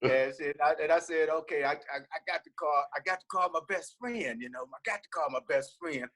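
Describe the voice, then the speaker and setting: A man, a singer in a vocal group, telling a lively story on a video call. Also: a little high, a little fast, low-quality recording. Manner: animated, laughing storyteller.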